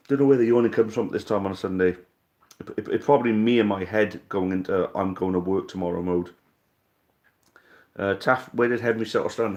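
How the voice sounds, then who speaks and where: Chatty Welsh man hosting a fan stream. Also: fairly low pitch. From Wales. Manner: chatty, blunt, swears casually, yawning. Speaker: live stream host. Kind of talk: casual live-stream chat reading comments.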